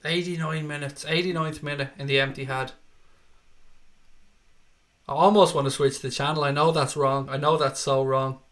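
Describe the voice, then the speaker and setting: An Irish man with a Dublin accent runs a live football watchalong. His voice sits a little higher than most men's. He chats loosely, swears often and reads viewer messages between quick updates on the game. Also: fairly even intonation, fairly bright tone. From Ireland. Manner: chatty, swears freely, reads viewer comments aloud. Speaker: livestream host. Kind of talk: live match watchalong commentary and chat.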